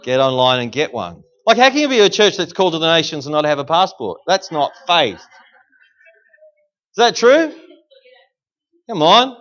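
A man preaching an energetic sermon in a church service, calling out to the congregation for responses. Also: fairly high pitch, a little fast, few pauses, lo-fi sound. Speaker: guest preacher.

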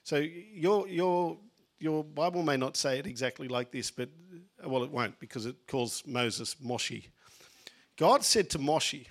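A man's voice: fairly high pitch, unhurried. A man preaching a conversational sermon, often repeating words and using fillers as he goes.

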